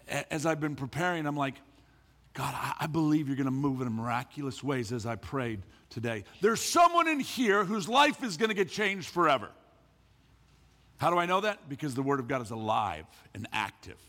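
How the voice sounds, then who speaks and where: A pastor preaching with a high, lively voice that swoops up and down. He is emphatic and keeps repeating words as he drives a point home. The sound carries the long echo of a church hall. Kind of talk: sermon. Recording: echoey hall.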